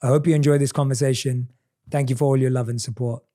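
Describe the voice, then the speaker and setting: A man's voice: mid-range voice, steady tone, fast, dark tone, slight background noise. A man hosting a podcast interview, welcoming his guest enthusiastically. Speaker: podcast host. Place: seated indoors for an interview.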